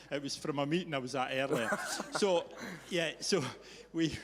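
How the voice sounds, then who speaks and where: A man hosting a live event, telling a story to an audience in a teasing, animated way. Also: fairly high pitch, a little slow. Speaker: event host. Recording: reverberant hall.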